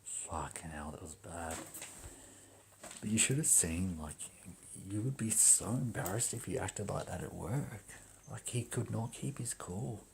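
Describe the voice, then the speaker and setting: Deep, gravelly man ranting. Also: measured pace, a little hiss or hum. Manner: profane, swaggering, animated. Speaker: livestreamer. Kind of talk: ranting casual storytelling.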